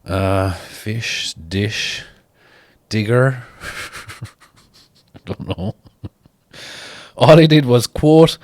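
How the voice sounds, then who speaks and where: A man talking casually to camera while he reads viewer comments and answers them in a blunt, mocking way, swearing often. His voice sits at an everyday middle pitch. It is recorded close and dry, with no room sound. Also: expressive, slow pace, long pauses, a little mellow, no room sound. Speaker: strongman reading viewer comments. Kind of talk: casual chat.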